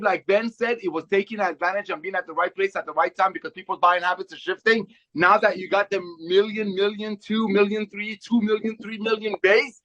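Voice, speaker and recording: A high-voiced man delivers a fervent, rallying sales pitch, hammering the same phrases again and again. The sound is dull and lo-fi, as if over a video call. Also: fairly bright tone. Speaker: company co-founder speaking to members.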